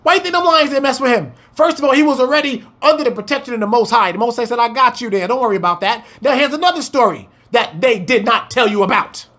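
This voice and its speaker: A man's voice: extremely high pitch, animated, quick pace, hardly any pauses, fairly bright tone. A man preaching a fiery scripture breakdown, firing rhetorical questions and swearing as he exclaims.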